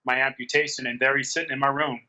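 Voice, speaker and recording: A man's voice: mid-range voice, little pitch movement, fast, sharp tone, muffled recording. A man telling a personal story in a candid interview, earnest and repeating his phrases as he quotes past conversations. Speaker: guest.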